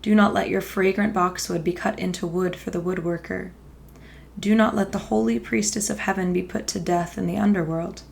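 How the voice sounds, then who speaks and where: A woman's voice: fairly low pitch, steady tone, moderate pace, creaky, slight background noise. A woman voicing a loyal female servant who pleads in repeated appeals. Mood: pleading.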